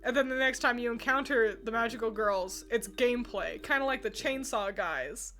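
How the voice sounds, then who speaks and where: A woman's voice: a little high, normal speed, a bit bright. A young woman streamer chatting casually with her viewers, laughing often as she ranks characters. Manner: giggly, laughs often, talks to chat. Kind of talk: casual chat.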